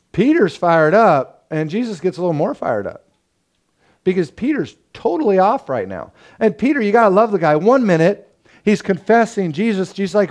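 High-voiced young male pastor preaching. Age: young adult. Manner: animated storytelling, acts out quotes with laughs. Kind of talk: sermon.

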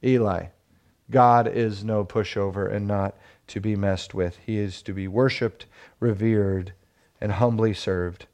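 A man's voice: lowish voice, fairly even intonation, unhurried, darkish tone. A man in his thirties preaching a sermon as pastor, with rising emphasis and frequent rhetorical questions.

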